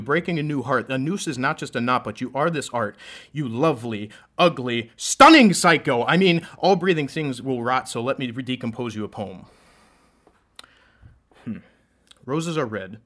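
A man performing spoken word poetry in a rhythmic, dramatic delivery that swells loud and drops low. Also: fast.

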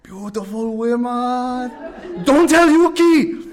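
A man putting on a high, excited young man. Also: slow pace, full character voice. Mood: delighted. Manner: high, loud, delighted exclamations. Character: excitable young Japanese man, cheerful, broken English.

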